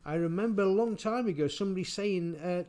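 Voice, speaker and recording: A man giving casual spoken commentary, halting and repeating his words, chuckling often. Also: high-pitched, a little mellow. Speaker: vlogger.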